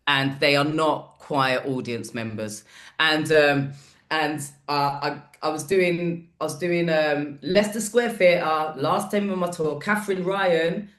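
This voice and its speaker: Sweary, animated woman. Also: low voice, unhurried. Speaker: comedian guest. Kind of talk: casual podcast chat.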